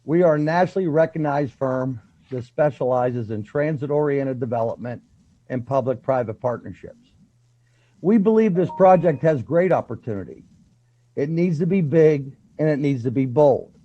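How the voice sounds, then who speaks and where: A man's voice: mid-range voice, lively intonation, normal speed. A man presenting his firm's plan to a city council, confident and emphatic, rattling off lists. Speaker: firm president presenting to council. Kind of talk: business presentation. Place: council chamber. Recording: dull lo-fi council audio.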